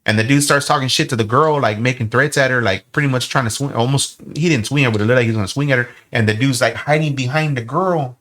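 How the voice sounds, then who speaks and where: A man's voice: mid-range voice, fast talker, hardly any pauses. A man in his forties telling heated, profane stories in a casual podcast chat. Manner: heated, profane, animated retelling. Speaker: podcast co-host.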